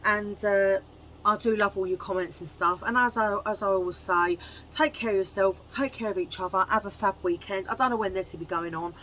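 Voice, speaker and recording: A woman chatting casually to camera at home in a chummy way, full of quick asides. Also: medium pitch, a bit bright, slight background noise, poor audio. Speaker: haul vlogger.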